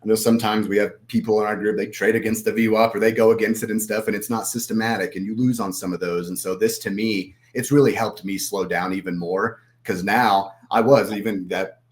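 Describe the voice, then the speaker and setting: A man with a very low, deep voice talks casually on a podcast. He rambles and drifts into acting out the voice in his own head. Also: fairly even intonation, a little fast, hardly any pauses. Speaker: podcast guest, trader.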